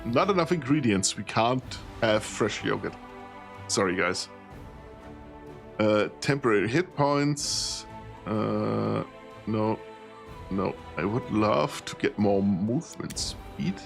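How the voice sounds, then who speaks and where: A man streams a role-playing game, thinking aloud as he sorts through items. His voice is gravelly and unhurried, with a tired edge and frequent laughs. Soft music plays faintly behind him. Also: fairly low pitch, lively intonation. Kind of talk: casual gameplay commentary.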